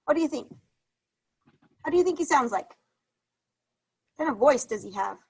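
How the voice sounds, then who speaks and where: High-voiced teacher coaxing young kids. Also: female voice, expressive, normal speed, creaky, rough recording. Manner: encouraging, repetitive, asks the class questions. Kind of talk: reading lesson for young children.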